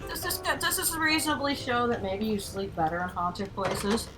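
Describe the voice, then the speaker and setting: A woman's voice: on the high side, big pitch swings, normal speed, over music, low-quality recording. A woman co-streaming a game, chatting casually and adding wry jokes. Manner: wry, joking commentary. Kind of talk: casual chat while gaming.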